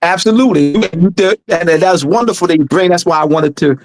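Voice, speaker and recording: A man with a high voice, recorded dry and close. He hosts a live teaching discussion and drives his points home with emphatic repetition. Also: fast talker, dry recording, faint music behind. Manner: emphatic and repetitive, urging listeners. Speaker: host.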